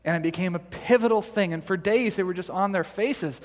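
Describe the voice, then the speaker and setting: A male pastor preaching a sermon, telling stories in an animated way with many fillers and restarts, and joking gently with the congregation. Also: high voice, fairly quick, in a large hall.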